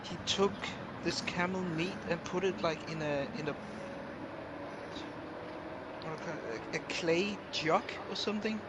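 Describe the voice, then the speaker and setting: A man from Denmark chatting on a gaming stream, speaking haltingly with fillers and restarts. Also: high-pitched. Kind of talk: casual chat. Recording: loud background noise.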